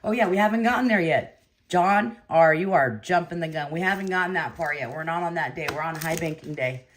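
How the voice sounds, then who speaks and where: A woman's voice: fairly low pitch, brisk, slight background noise. A woman hosting a trading card break, chatting casually, laughing often and talking to viewers by name. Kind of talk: casual chat while opening cards.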